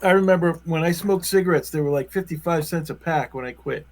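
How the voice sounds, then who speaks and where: A man's voice: a little high, a little fast, poor audio. A man co-hosting a casual podcast, chatty, adding up costs aloud and tripping over words. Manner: chatty, tallies figures aloud, stumbles on words. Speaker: podcast co-host. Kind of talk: casual banter.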